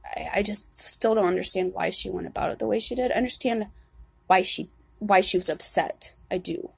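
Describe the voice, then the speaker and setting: Husky, gravelly young woman confessing. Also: mid-range voice, no echo. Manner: candid, halting, swears often, many restarts. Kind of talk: personal confessional vlog.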